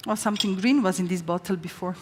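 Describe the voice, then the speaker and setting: A middle-aged woman from Slovenia talks fast and casually as she cooks on stage. Her stories bounce with quoted voices. The sound carries a long hall reverb. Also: mid-range voice, a little hiss or hum. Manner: chatty, fast storytelling with lively quoted voices. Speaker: chef giving a stage cooking demonstration. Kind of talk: live cooking demonstration and talk. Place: large event stage with audience.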